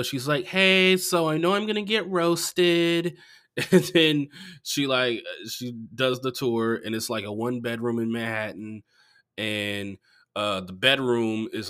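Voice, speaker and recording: A comedian with a lowish voice chats casually on a podcast, telling profane, animated stories that burst into loud outbursts.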